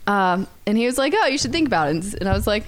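A woman's voice: mid-range voice, sing-song, rapid-fire, noisy background. Sassy woman telling a story, laughing. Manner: sassy, laughs often, acts out quoted voices. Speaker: radio host, guest telling her story. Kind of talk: casual storytelling.

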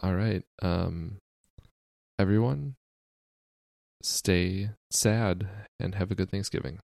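A man from the United States co-hosting a podcast, talking in a deadpan, sarcastic way with many fillers. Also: low voice, slow pace, creaky, dry recording. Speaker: podcast co-host. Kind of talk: casual chat.

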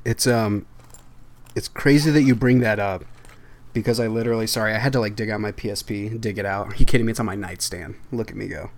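A young man hosting a podcast, chatting casually about video games in an excitable, rambling way and laughing often. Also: fairly low pitch, quick pace. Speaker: podcast host. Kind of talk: casual chat.

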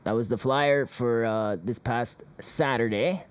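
A man's voice: mid-range voice, a little slow, smooth. A man hosting a casual call-in show, talking in a sarcastic, rambling way with chuckling asides. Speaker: host.

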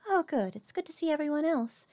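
A woman voicing a calm, gracious fae queen in a tabletop role-play, speaking smoothly and softly. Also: high-pitched, fairly quick, dry recording, clean studio sound, pitched above the performer's own voice.

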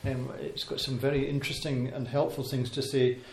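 A man giving an informal Bible talk to a congregation, pausing often with ums and restarting his sentences. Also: mid-range voice, level tone. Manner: hesitant, many ums and restarts. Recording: echoey hall with faint noise.

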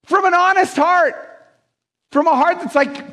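A male pastor delivers an animated sermon at a measured pace, pausing often. He acts out quotes with big jumps in pitch and jokes with the congregation.

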